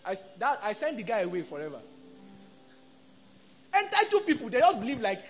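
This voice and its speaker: A man's voice: very high voice, a little fast, faint music behind. A middle-aged man with a Nigerian accent, preaching a sermon and leading call-and-response with his congregation. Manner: animated, call-and-response preaching, acts out quoted voices. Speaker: pastor.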